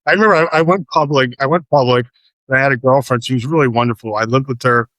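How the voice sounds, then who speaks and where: A middle-aged man talking in an easy, conversational way, looping back and repeating words as he tells stories. His voice sits at an ordinary male pitch. The sound is dry and close. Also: fast, fairly bright tone, dry recording. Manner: rambling storyteller, many restarts and repeated words. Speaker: startup founder guest. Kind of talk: casual podcast conversation.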